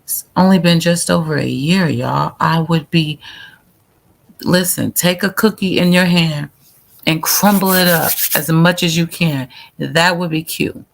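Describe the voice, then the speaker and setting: A woman's voice: sits low, unhurried, gravelly. A woman hosting a casual live stream, chatting directly with her viewers in a chatty way, and at times reading out a prayer. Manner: chatty, talks straight to viewers, reads out a prayer. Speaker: livestream host. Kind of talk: casual livestream chat with viewers.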